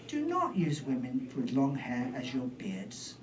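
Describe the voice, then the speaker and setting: A man's voice: mid-range voice, huge pitch swings, slow, far from the mic, slight background noise, poor audio. British man telling a rambling stand-up story. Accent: British English. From Britain. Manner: rambling, self-deprecating, trailing asides. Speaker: stand-up comedian. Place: comedy club stage.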